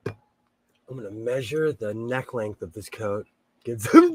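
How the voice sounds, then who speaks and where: A man's voice: medium pitch, lively intonation, measured pace, no echo. A man chatting casually on his sewing livestream from his home sewing room, rambling and laughing often. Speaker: livestream host.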